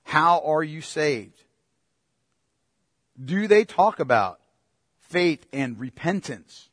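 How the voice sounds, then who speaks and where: A man delivering a teaching sermon in a loose, conversational manner, pausing often to check that his listeners are following. His delivery jumps from loud emphatic bursts to soft asides. The sound is dry and close. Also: on the high side, no room sound. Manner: animated swings from loud to quiet. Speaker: pastor.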